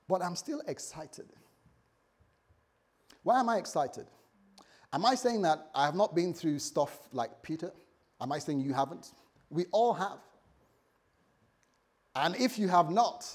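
Husky guy preaching, pitch jumping all over, acts out other people's voices. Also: slow pace, pauses often. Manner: animated, swings between loud and soft, acts out voices. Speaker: pastor. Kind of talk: sermon.

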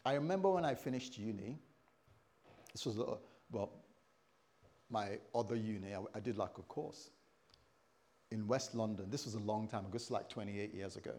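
A man's voice: mid-range voice, moderate pace, warm tone. A man in his fifties preaching a sermon, telling stories with animation and acting out the voices of people he quotes.

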